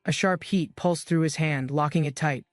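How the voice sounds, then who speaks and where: A man's voice: fairly high pitch, moderate pace, no room sound, soft background music. Man narrating a comic recap, dry sound.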